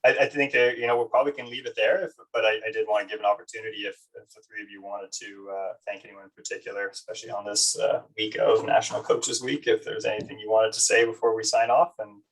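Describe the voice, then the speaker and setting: Flat-voiced man hosting from a distant mic. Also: lowish voice, fast, creaky, hardly any pauses, husky. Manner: easygoing, steady, wraps up politely. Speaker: panel moderator. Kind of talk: hosting a webinar. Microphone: video call.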